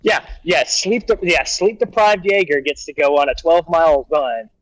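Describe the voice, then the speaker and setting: Man, soldier storyteller, slightly high voice, profane, rambling, dry close mic. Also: normal speed, no room sound, low-quality recording. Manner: animated, profane, rambling with restarts. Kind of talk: casual storytelling on a livestream.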